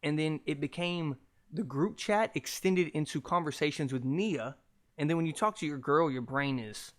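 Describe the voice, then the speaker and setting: Profane young man hosting a podcast, slightly high voice. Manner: profane, animated, jokey. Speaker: podcast host. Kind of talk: casual solo podcast rant.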